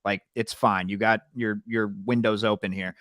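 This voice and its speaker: A man's voice: on the low side, steady tone, moderate pace, a bit bright, no echo, clean studio sound. A man co-hosting a casual sports podcast, loose and conversational, who leans on "like" a lot. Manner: loose and conversational, heavy use of "like". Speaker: podcast co-host.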